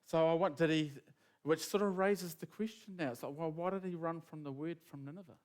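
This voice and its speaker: A man preaching a sermon in a casual, animated storytelling manner, acting out quotes as he goes. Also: on the high side, a little fast.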